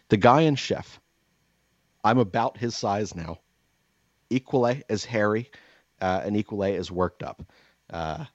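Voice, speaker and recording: A man with a very low, deep voice vents on a podcast, rambling and swearing as he goes. The sound is dull and lo-fi in a dry, dead room. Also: dry recording. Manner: rambling, profane, venting with mock-calm outbursts. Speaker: podcast host. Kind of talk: casual chat.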